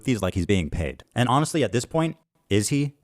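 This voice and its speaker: A man's voice: medium pitch, big pitch swings, fairly quick, no room sound, studio quality. A man in a played clip giving commentary in an accusing, dismissive tone. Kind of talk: podcast commentary.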